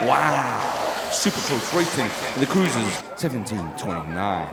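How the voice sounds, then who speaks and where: A man's voice: mid-range voice, moderate pace, hardly any pauses. A man commentating live BMX races, calling riders with jokey asides. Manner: jokey, lively asides between rider calls. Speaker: race commentator. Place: outdoor BMX race track. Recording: echoey PA sound with crowd noise.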